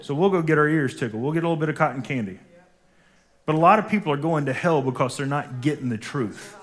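Quick and fairly bright, this man's slightly high voice carries an emphatic sermon through a church sanctuary. As a pastor, he repeatedly has the congregation echo his lines.

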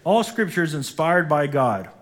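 This pastor's slightly high, fairly bright voice swings widely in pitch at normal speed. Preaching emphatically in the sanctuary, he has the congregation say his lines back to him.

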